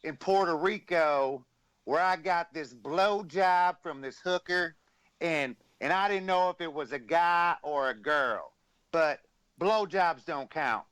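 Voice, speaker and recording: A man's voice: on the high side, slow, a bit bright, clear, resonant tone, no room sound, pitched above the performer's own voice. A man doing an impression of a brash older male wrestler who drawls and brags crudely. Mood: boastful.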